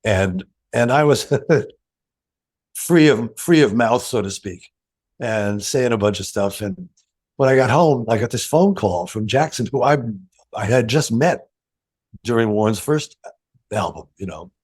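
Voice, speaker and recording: Older male guest, low-ish voice, animated anecdotal delivery. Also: unhurried, long pauses, slightly rough. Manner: animated anecdotes, acts out quoted dialogue, laughs often. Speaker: session guitarist, interview guest. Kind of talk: storytelling interview.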